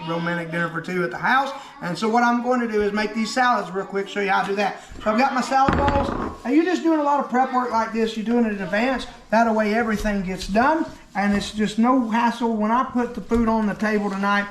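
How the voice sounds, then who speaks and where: A man's voice: sits high, echoey room, noisy background. A man chatting folksily as he demonstrates cooking in his home kitchen, joking as he goes. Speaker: cooking vlogger and preacher.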